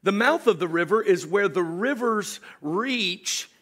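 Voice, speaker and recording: A man preaching a sermon, animated, swinging from shouted storytelling to hushed joking asides with his congregation. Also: sits high, measured pace. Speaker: pastor.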